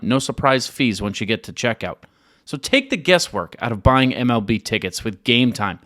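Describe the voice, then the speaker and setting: A man with an ordinary mid-range voice co-hosts a casual podcast. He pitches sponsors in an upbeat, salesy way and teases his partner playfully. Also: a bit bright. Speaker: podcast co-host. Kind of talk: reading an ad read, casual chat.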